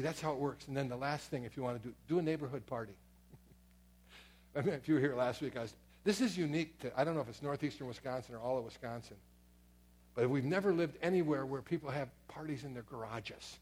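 A man's voice: medium pitch, darkish tone, breathy edge. A middle-aged man preaching a sermon as pastor in a church, talking in a conversational way with many asides and repeated words. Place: church sanctuary.

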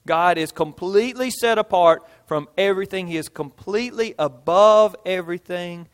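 High-voiced pastor preaching. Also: male voice, normal speed, few pauses, smooth. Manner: folksy, illustrates with homey stories and repetition. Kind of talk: sermon.

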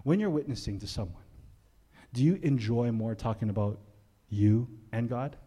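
A pastor preaching a conversational, emphatic sermon in church, asking the congregation questions. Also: male voice, medium pitch, normal speed, mellow, breathy edge.

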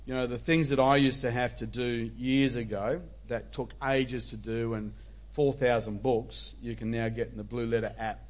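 A man's voice: mid-range voice, steady tone, normal speed. A man preaching a sermon as pastor, conversational and emphatic.

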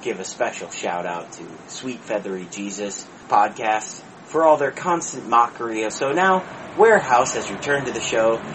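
A man's voice: mid-range voice, animated, moderate pace, background noise. A man hosting a podcast, making wry announcements in casual chat. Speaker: podcast host.

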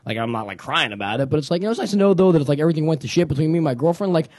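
A young man talks quickly in a slightly raised voice, rambling and self-deprecating as he tells a story on a podcast. The sound is close and dry, with no room around it. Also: on the high side, animated, darkish tone, no echo. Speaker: podcast co-host. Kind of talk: casual chat, storytelling.

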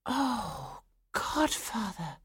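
A woman voicing a gentle, dreamy young girl in a storybook reading, with a soft, hushed delivery. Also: medium pitch, sing-song, very slow, breathy edge, no room sound, clean studio sound, pitched above the performer's own voice, exaggerated voice. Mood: delighted. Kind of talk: storybook narration.

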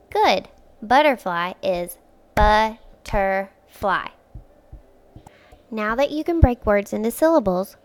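A woman hosting a phonics lesson for young children, speaking clearly and patiently, stretching words out syllable by syllable and encouraging the listener. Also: medium pitch. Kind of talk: slow, clear instructional speech for young children.

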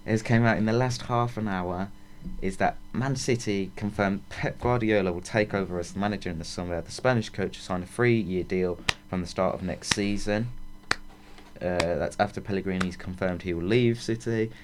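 Chatty man, low voice. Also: moderate pace, background noise. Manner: chatty, laughs often, stumbles reading aloud. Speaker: football podcast co-host. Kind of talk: casual chat, reading results and predictions.

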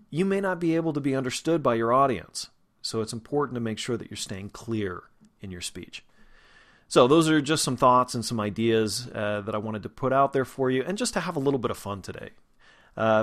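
Guy coaching dialects, middle pitch, calm methodical teacher talk. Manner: explanatory, steady, methodical teaching. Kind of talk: video lesson addressed to students.

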